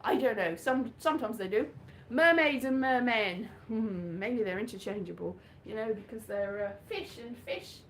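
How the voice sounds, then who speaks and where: A woman's voice: a little high, normal speed, few pauses, slight background noise. A woman from Wales doing live stand-up with slides, in a rambling, chatty, self-mocking way. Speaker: stand-up comedian. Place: small venue. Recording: echoey live room.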